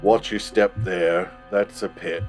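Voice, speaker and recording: A man voicing a wary male ogre who talks in a low, hesitant, stammering way. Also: steady tone, slow pace, faint music behind. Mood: guarded. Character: wary male ogre, gruff but cooperative.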